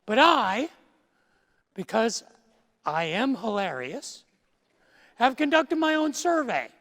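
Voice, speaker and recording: A man's voice: very high voice, big pitch swings, takes it slowly, a bit bright. A male pastor preaching a sermon, telling jokes in a playful, self-mocking way in a large church sanctuary. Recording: long church-hall reverb.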